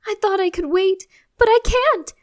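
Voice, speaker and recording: A woman voicing a cheerful, doting mother who is gentle and coaxing, then eager and excited. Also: fairly high pitch, normal speed, pitched above the performer's own voice, natural voice.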